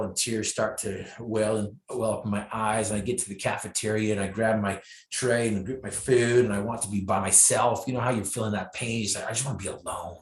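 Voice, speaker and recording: A man telling his story as a motivational speaker, emphatic and repeating key phrases for effect. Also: fairly low pitch. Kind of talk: inspirational storytelling. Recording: echoey room.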